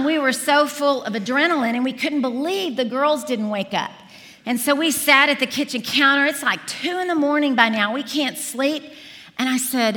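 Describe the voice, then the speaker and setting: A woman in her forties preaching, telling a lively story to a congregation and acting out the dialogue. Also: sits high, moderate pace. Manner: animated storyteller, acts out dialogue. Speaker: speaker at a church service. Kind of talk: storytelling sermon. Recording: reverberant hall.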